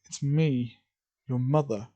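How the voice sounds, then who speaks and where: A gentle middle-aged mother pleading earnestly, read by a man in a fan story. The tone is very dark and mellow, and the voice stays close to the reader's own. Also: medium pitch, slow, lightly acted.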